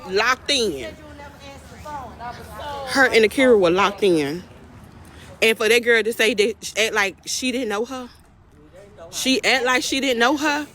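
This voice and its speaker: A woman, recapping a court trial in casual chat, emphatic and animated, repeating phrases and calling the viewers y'all. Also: a little high, a little slow, pauses often, poor audio.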